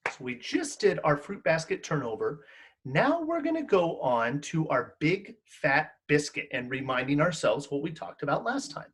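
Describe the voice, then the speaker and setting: Animated male elementary music teacher, high and very expressive voice, coaxing kids to sing along. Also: moderate pace, husky. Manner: animated, encouraging, sings call-and-response songs. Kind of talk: online music lesson for children.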